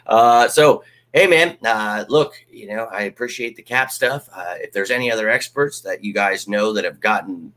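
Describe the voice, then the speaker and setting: A man's voice: lowish voice, normal speed. Ranting man hosting a fan stream. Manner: animated, ranting, swears freely, mocks critics in put-on voices. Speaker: host of a fan live stream. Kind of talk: casual live-stream rant.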